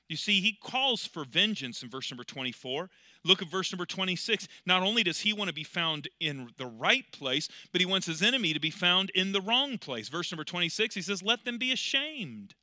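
A man preaching a sermon, swinging between loud, emphatic passages and quiet, drawn-out storytelling, slowing on key words. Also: a little high, no room sound, studio quality. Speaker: pastor.

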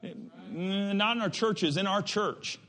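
Pastor guy preaching, bright ringing voice, a bit high, goes off on tangents, lots of restarts. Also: slow. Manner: animated, digressive, emphatic with many restarts. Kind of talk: sermon.

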